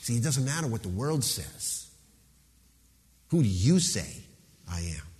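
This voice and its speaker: A man pastor preaching a sermon with emphasis, slowing down to stress key words. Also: mid-range voice, big pitch swings, a little mellow, in a large hall.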